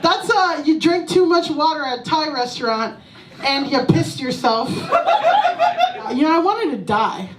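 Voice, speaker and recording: A woman performing a profane, animated stand-up comedy set on a small club stage. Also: sits high, unhurried, noisy background. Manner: profane, animated, breaks into laughter. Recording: echoey room, mic from a distance.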